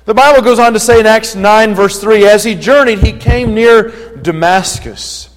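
A man preaching a sermon in an earnest manner that rises to forceful emphasis. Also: high voice, moderate pace, long reverb tail, rough recording.

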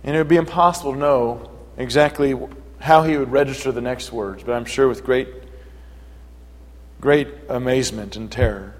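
Give me a man preaching earnestly with forceful emphasis, his voice echoing through a big hall. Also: mid-range voice, normal speed. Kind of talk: sermon.

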